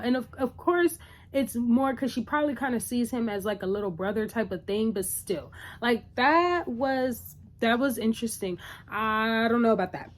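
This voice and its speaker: A woman casually recapping a TV episode in a chatty, animated way, acting out what the characters say. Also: a little high. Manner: chatty, animated retelling with acted-out quotes. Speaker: TV recap vlogger.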